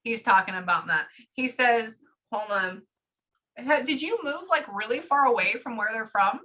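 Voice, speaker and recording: A woman working as a psychic medium, talking fast and casually through a live reading and swearing freely. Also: a little high, expressive, sharp tone. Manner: rapid, chatty, swears casually.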